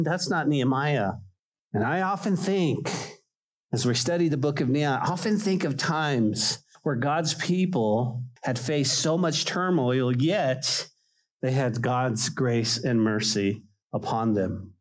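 A man's voice: medium pitch, unhurried, rough recording. A man preaching a sermon as a pastor, conversational and emphatic, repeating key phrases.

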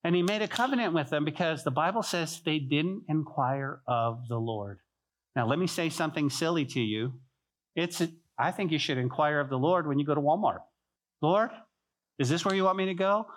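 A man preaching a sermon as pastor, telling stories with lively acted-out voices and dropping to a soft hush on key points. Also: on the high side, moderate pace. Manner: animated storytelling, acting out biblical figures in voices; drops to soft, quiet delivery on key points.

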